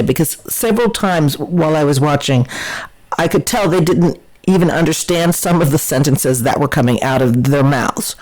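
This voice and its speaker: A woman's voice: deep voice, darkish tone, rough recording. A woman hosting a podcast, giving chatty, opinionated political commentary in a scornful, mocking way. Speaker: podcast host.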